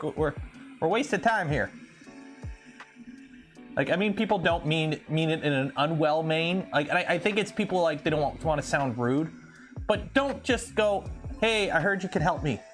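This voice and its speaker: A man from Canada hosting a casual livestream, chatting with viewers and ranting animatedly about a pet peeve. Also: a little high. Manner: chatty, reads chat aloud, rants animatedly. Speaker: livestream host.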